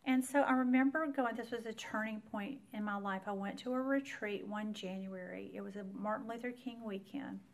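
A woman's voice: medium pitch, moderate pace, few pauses. A woman, earnestly telling a personal faith story to an audience as a Bible teacher. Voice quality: earnest storyteller who speaks straight to the audience. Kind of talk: personal faith testimony talk.

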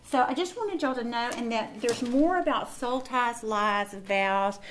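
A woman's voice: on the high side, a little slow, slight background noise. A middle-aged woman, teaching a sermon to a women's group in a folksy style that speaks straight to the room. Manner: folksy, warm address to the room.

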